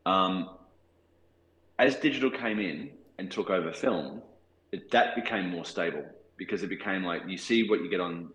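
An Australian cinematographer in his forties talks thoughtfully in a casual interview, restarting often and using many fillers. His low-pitched, slightly bright voice moves at normal speed, and the rough recording has an echoey room sound.

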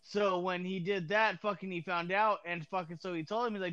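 A man in casual chat, rambling and halting, with lots of fillers and restarts. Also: high voice, fairly even intonation, sharp tone, clean tone, dry recording, lo-fi sound.

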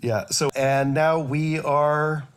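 A man co-hosting a music podcast, chatting casually in a teasing, supportive, relaxed way. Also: on the high side, slow, background noise. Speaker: podcast co-host.

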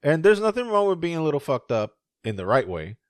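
A man co-hosting a podcast in casual chat, animated and profane, laughing often. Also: fairly high pitch, fairly quick, no echo, clean studio sound. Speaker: podcast co-host.

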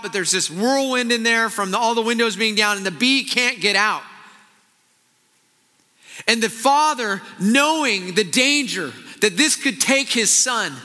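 A man pastor preaching a sermon earnestly, often dropping into hushed, intense low passages. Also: in a large hall.

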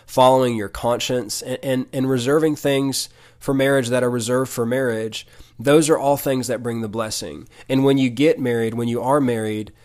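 A man's voice: mid-range voice, a little mellow. Earnest man preaching with many restarts. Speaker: podcast preacher. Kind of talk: Bible teaching.

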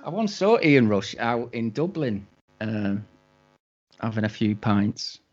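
A man co-hosting a casual podcast chat, chatty, adding quick asides and laughing easily. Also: on the low side, very animated, darkish tone, dull audio. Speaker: podcast co-host.

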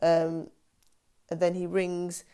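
A woman's voice: on the low side, completely flat delivery, slow, dark tone, clear, resonant tone. A woman casually retelling a film's plot, hesitant, with many ums and restarts. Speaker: film discussion vlogger.

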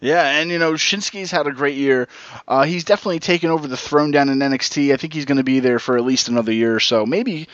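A man's voice: a little high, quick pace, fairly bright tone, dry recording. A man co-hosting a casual podcast, rambling and losing his thread with lots of restarts. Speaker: podcast co-host. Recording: dull, dry lo-fi recording.

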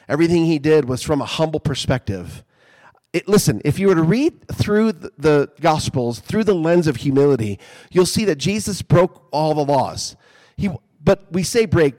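Male pastor, slightly high voice, casual sermon delivery with emphatic swells. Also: a little mellow. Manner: conversational, builds to emphatic peaks.

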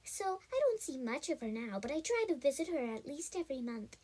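A woman voicing Levi, a friendly young male park animal who chats eagerly in a high voice. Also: sing-song, a little fast, darkish tone.

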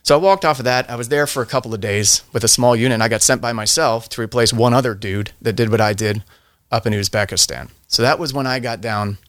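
A man's voice: mid-range voice, a bit bright, no room sound, clean studio sound. A middle-aged man, a veteran guest on a podcast, telling a long story in a rambling way, often restarting his sentences and laughing. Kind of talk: casual storytelling.

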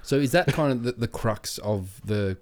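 A man's voice: medium pitch, lively intonation, normal speed. A man co-hosting a podcast, chiming in with short remarks and questions in casual chat. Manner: short agreeing interjections and questions. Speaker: podcast co-host.

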